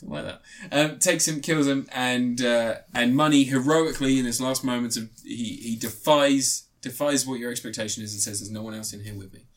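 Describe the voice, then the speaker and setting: A man's voice: medium pitch, fairly even intonation, a little fast, few pauses. A man giving a rambling, crude, joke-filled film review, swearing often. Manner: rambling, crude, swears a lot, jokey asides. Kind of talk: casual comedic film review.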